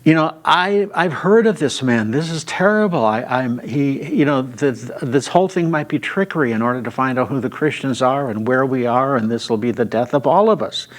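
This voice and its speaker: A man's voice: mid-range voice, animated, moderate pace, few pauses, natural voice. A man voicing a fearful, stammering grown man. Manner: stammering, anxious.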